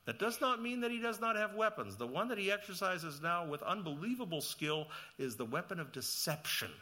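A man preaching a sermon, asking the listeners questions and reading scripture, rising to loud emphatic peaks and dropping to quiet low passages. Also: sing-song, fairly quick. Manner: asks the listeners questions and reads scripture aloud. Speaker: pastor.

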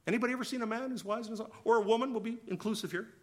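A man preaching a sermon as pastor, swinging between loud emphasis and quiet asides. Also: very high voice, very fast.

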